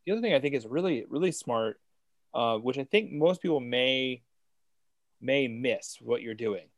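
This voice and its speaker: A man's voice: mid-range voice, animated, normal speed, no echo. Host, man, mid-range voice, keen and chatty, dry close sound. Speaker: interviewer. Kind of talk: casual interview talk.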